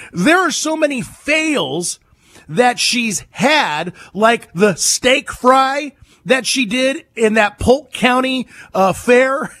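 A man hosting a political talk radio show from a studio. He is emphatic and mocking, and he repeats his points to drive them home. His very high, bright voice rises and falls a lot and sounds close and dry. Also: no room sound.

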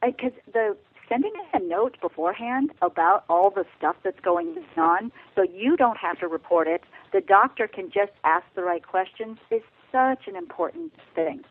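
A woman's voice: medium pitch, expressive, moderate pace, few pauses. Woman giving earnest advice over a phone line. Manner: earnest, direct, explanatory. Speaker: guest bioethicist. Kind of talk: advice in a radio interview. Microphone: telephone.

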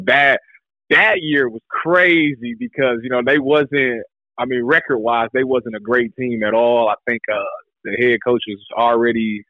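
A man talking casually about his playing days on a radio show, relaxed and chuckling as he goes. His voice sits at a middle pitch and comes through a bit dull and dry, like studio radio audio. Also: no echo. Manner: loose, laughing, drawn-out storytelling. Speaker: guest, former defensive back. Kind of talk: casual interview talk.

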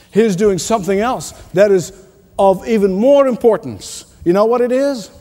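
A man's voice: high voice, moderate pace, warm tone, big-room sound. A man preaching a sermon as pastor, emphatic, repeating key lines and chuckling at his own stories.

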